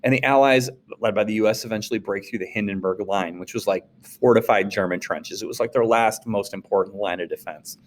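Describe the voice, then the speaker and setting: A man, a social studies teacher, giving a casual classroom lecture, animated and playful, jumping into quick acted-out voices. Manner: animated, acts out quoted voices with big pitch jumps.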